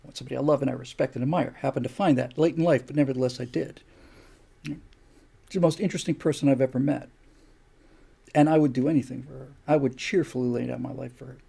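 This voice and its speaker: Gravelly older man lecturing. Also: medium pitch, steady tone, quick pace, dark tone. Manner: rhetorical, lecturing, fires off repeated questions. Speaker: live stream host. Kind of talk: opinion monologue on a live stream.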